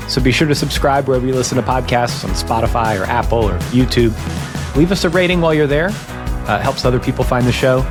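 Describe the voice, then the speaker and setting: A fast-talking man hosting an interview podcast, with a medium-pitched voice. He moves the conversation along briskly and wraps up with upbeat sign-offs, over faint background music. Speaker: podcast host.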